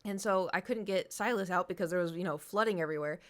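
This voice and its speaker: A woman's voice: lowish voice, fast talker. A young adult woman streamer telling a long story in casual chat, rambling with lots of fillers and swearing.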